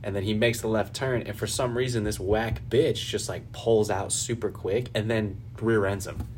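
A man's voice: on the low side, steady tone, moderate pace, darkish tone, faint music behind. A man hosting a podcast, telling a story in a rambling, profane, casual way. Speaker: podcast host. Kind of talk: casual chat.

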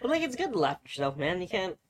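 Young male podcast co-host, lively up-and-down delivery, swears freely, laughs at himself. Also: sits high, rapid-fire, a little hiss or hum. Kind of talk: casual chat.

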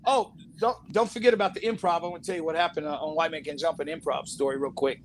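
A man telling animated anecdotes as an interview guest, acting out quotes and laughing often. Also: a little high, quick pace, a crowd in the background. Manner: lively storyteller, acts out quotes, laughs often. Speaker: actor guest telling stories.

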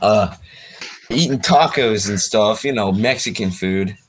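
A man in a casual chat among friends, retelling a story in a relaxed, laid-back way. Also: on the low side, a little slow. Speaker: podcast co-host.

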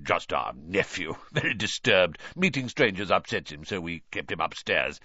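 Brief: male reader playing a pompous middle-aged uncle, low, gruff and falsely hearty, lo-fi dry sound. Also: sing-song, moderate pace, sharp tone, no room sound, heavily acted. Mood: smoothing over. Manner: forced heartiness covering embarrassment.

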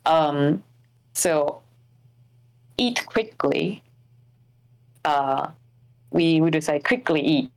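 A woman from Japan chatting casually on a stream, halting with many fillers and restarts. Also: low-pitched, expressive, poor audio. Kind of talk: casual chat.

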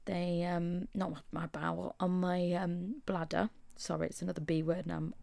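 A woman's voice: fairly low pitch, flat delivery, moderate pace, vocal fry, dark tone, no room sound. A young Englishwoman hosting a casual podcast, telling a story, feeling shaky and unwell, with drops into whispers. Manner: chatty storytelling, dips into whispers for quoted asides. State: shaky, unwell after hospital. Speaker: podcast host. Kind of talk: casual solo chat.

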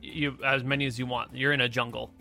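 A man acting as game master, narrating a tabletop game over an online voice call in a relaxed, joking way with long run-on sentences. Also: medium pitch, fast talker, vocal fry, faint music behind.

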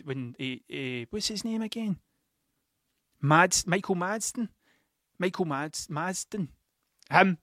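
This adult Scottish father, the host of a podcast, tells a loose, self-mocking story full of swearing and repetition. His pitch is fairly high, and his tone is bright and forceful. The audio is studio quality, with no room sound at all.

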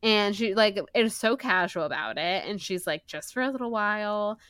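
Young woman, podcast co-host, casual, giggly recap, lots of fillers, crisp bright tone, dry close sound. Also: medium pitch, expressive, moderate pace, dry recording. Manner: chatty, laughing, filler-heavy recap. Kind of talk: casual book-club chat.

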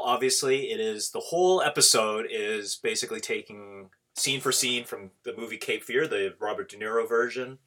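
A man's voice: medium pitch, pushed and bright. A man hosting a podcast in casual chat, rambling with many restarts and laughs. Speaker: podcast host.

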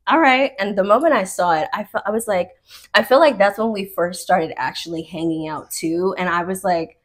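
A woman hosting a podcast in upbeat, affirming casual chat, often chiming in. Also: medium pitch. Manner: upbeat, affirming, quick interjections. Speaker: podcast host.

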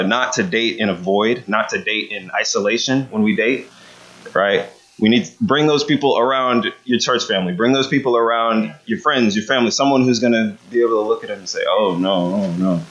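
Low-voiced man preaching, casual and dull-toned. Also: brisk, fairly bright tone. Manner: casual, asks the room "right?" often. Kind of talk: conversational sermon. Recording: dull lo-fi sound.

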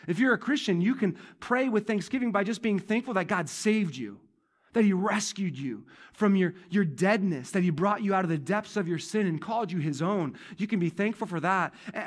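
Higher-voiced male pastor preaching. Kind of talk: sermon. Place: church.

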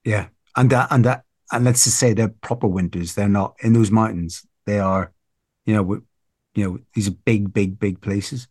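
A man from Northern Ireland, with a fairly low voice at a moderate pace, appears as a podcast guest in clean studio sound with no room sound. His casual interview chat rambles with many restarts, and he gets animated when something amuses him.

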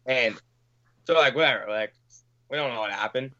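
A man's voice: medium pitch, moderate pace, sharp tone, highs cut off. Male guest, casual storyteller; loose, filler-heavy, profane delivery. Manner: rambling, filler-heavy, swears, acts out quotes. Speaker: podcast guest.

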